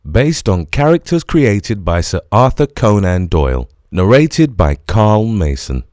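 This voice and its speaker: Man, audiobook narrator, expressive storytelling, slightly low voice, very animated pitch. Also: measured pace, dry recording, clean studio sound. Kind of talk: scripted first-person audiobook narration.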